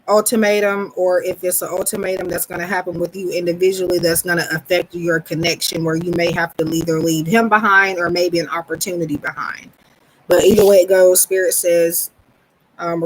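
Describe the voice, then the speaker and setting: A woman reading tarot cards on a live stream, talking in a relaxed, rambling way with frequent ums and pausing to greet viewers. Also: on the low side, slight background noise, poor audio. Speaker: tarot reader.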